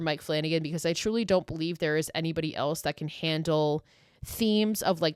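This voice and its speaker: Woman podcaster, lowish voice, emotional, gushing, casual swearing, dry close sound. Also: clean tone, no echo. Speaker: podcast host. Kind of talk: casual solo podcast talk.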